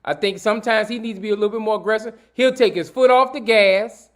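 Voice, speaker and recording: A man's voice: high voice, steady tone, fast talker, a bit bright. Rambling man debating football. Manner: loose, rambling, self-correcting. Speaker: sports talk panelist. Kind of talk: casual sports debate.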